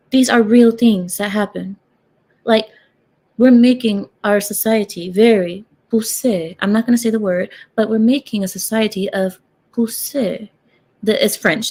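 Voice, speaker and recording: A woman's voice: mid-range voice, a little mellow, slightly rough. A young woman rants to her viewers in a loose, sarcastic vlog. She rambles, asks them questions and drifts off topic as she goes. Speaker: vlogger. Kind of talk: casual talking-head rant.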